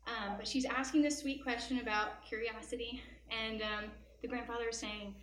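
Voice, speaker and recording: A woman gives a Christian devotional talk, moving between teaching and personal stories in an earnest, animated way. Her voice sits a little higher than most. The room is echoey, with a faint hum of ambience. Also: brisk, hardly any pauses. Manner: earnest, animated storytelling with asides. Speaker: speaker at a Christian event.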